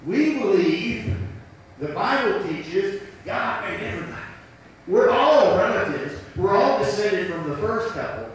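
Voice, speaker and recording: High-voiced Southern preacher, echoey hall. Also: male voice, lively intonation, a little slow, distant mic, slight background noise. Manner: folksy, rhetorical questions. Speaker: pastor. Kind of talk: sermon.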